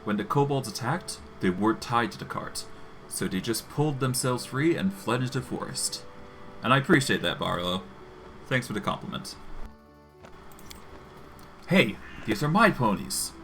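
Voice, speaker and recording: A man's voice: mid-range voice, lively intonation, moderate pace, a bit bright, faint music behind. A man streaming a narrative game, chatting casually and laughing often as he reads and comments.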